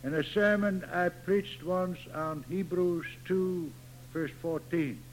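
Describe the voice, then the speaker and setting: A man preaching a sermon slowly and deliberately, stressing key words through repetition. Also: sits high, a little hiss or hum, poor audio. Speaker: pastor.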